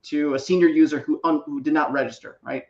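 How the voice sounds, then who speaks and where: A man explains trademark cases as co-host. His voice is gravelly and comes over a dull, echoey remote mic, and he keeps checking in with "right?" as he goes. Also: fairly high pitch, fairly even intonation, quick pace. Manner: explanatory, tags sentences with "right?". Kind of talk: explaining legal process on a live show.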